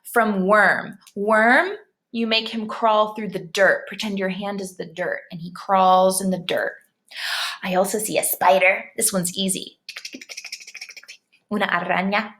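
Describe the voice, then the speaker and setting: A woman teacher reading a bilingual picture book aloud to young children, animated and gasping with excitement between pages. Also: mid-range voice. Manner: animated, frequent gasps, bilingual English-Spanish reading.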